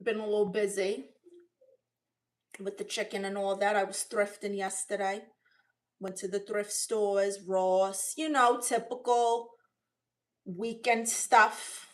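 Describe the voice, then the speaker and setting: Woman streamer, bright voice pitched a bit high; jokey and expressive, casual chat from home. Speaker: comedian streamer. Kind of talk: casual livestream chat, reading viewer comments.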